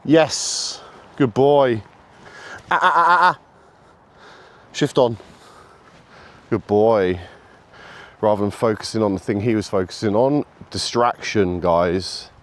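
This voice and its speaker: A man talking casually while he walks his dog outdoors, calling out to it in a high sing-song voice between remarks on training, recorded on a camera he carries. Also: expressive, unhurried, long pauses, fairly bright tone. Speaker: dog owner and trainer filming a walk. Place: outdoors on a countryside walk. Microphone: camera carried while walking.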